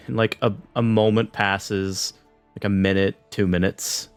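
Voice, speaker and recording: A man running a tabletop game, describing scenes in a loose, meandering way. His voice is low, with faint music playing under the narration. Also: level tone, a little slow, clean tone. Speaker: game master.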